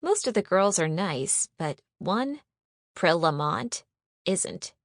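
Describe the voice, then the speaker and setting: A woman's voice: lowish voice, sing-song, slow pace, no room sound, clean studio sound, heavily acted. A woman voicing a friendly, chatty teenage schoolgirl who talks eagerly and confidingly in an audiobook. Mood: gossipy. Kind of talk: audiobook character voice.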